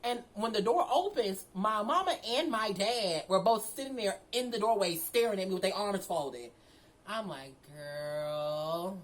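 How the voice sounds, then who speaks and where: A young woman casually telling a story from her own life, animated, full of slang and swearing. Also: mid-range voice, unhurried, poor audio.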